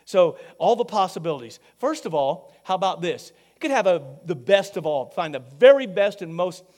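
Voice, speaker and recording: A male pastor preaching a sermon, emphatic, asking the congregation questions and swinging between loud peaks and quiet low passages. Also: sing-song, normal speed.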